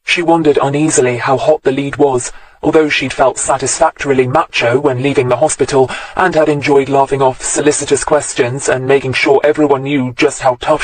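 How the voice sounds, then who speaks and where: A man narrating a crime novel audiobook in a steady, measured storytelling voice, recorded close to the mic. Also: medium pitch, low-quality recording.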